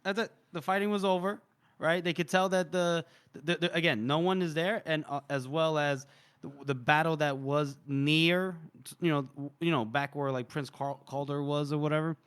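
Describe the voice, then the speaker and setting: A man's voice: fairly high pitch, steady tone, normal speed, a bit bright, clear, resonant tone, dry recording. A man co-hosting a podcast, animatedly retelling a story, acting out the characters' lines and laughing often. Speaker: podcast co-host. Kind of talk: casual book discussion.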